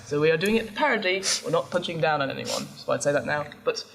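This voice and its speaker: A woman's voice: low-pitched, lively intonation, fast, vocal fry, over a noisy crowd. A woman acting as game master, chatty and laughing as she explains rules step by step to players.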